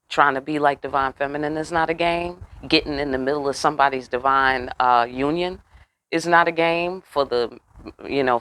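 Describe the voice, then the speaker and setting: A woman's voice: dry recording, low-quality recording. A woman giving a casual tarot reading, cursing freely, throwing in slang and often asking the listener if they get what she means. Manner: profane, slangy, keeps checking in with the listener; swoops high and loud for emphasis. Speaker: tarot reader.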